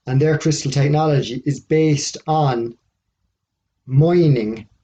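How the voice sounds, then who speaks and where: A man's voice: on the high side, takes it slowly, mellow. A man hosting a video, talking through his ideas in a casual speculative monologue full of musing questions and fillers. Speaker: video host. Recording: dull lo-fi recording.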